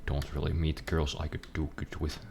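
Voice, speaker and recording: Very deep gravelly young man streaming. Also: flat delivery, normal speed, noisy background. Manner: rambling, profane, self-deprecating. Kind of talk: casual chat while gaming.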